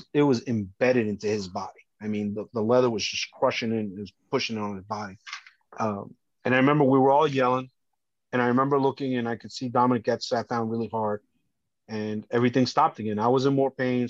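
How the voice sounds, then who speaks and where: A man's voice: medium pitch, dry recording. Earnest man recounting his ordeal. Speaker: podcast guest, former police officer. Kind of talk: personal storytelling. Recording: dull lo-fi dry sound.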